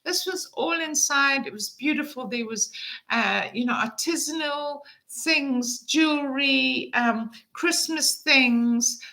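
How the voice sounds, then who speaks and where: A woman's voice: sits high, slow, bright, forceful tone, low-quality recording. A woman in her fifties telling a travel story to camera in a chatty, enthusiastic way, with frequent fillers. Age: 50s. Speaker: travel vlogger.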